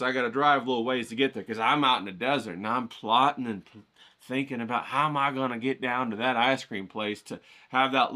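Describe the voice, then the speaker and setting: A man's voice: medium pitch, pushed and bright. A man hosting an art vlog, rambling and joking in a folksy, casual way. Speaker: art channel host. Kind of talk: casual vlog talk with drawing tips.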